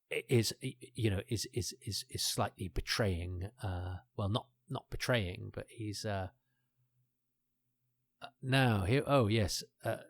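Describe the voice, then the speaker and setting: Rambling low-voiced man. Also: dry recording. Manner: rambling, many restarts and fillers, chuckling asides. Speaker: podcast host. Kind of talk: casual commentary over an episode.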